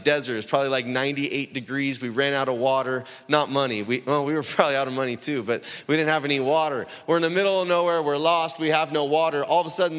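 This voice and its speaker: A man with a slightly higher voice preaching to a congregation, animated and storytelling, slipping into voices for the people in his anecdotes. His words ring out with a long reverb, as in a big church hall. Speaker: pastor. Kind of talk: sermon.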